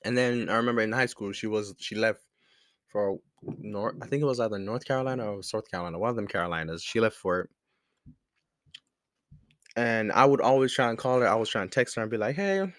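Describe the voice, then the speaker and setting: A young man tells a story to the camera from his desk at home. His voice is mid-pitched, rambling and laid-back, with plenty of swearing and laughter. The sound is dry and close. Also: dry recording. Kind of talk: casual storytime vlog.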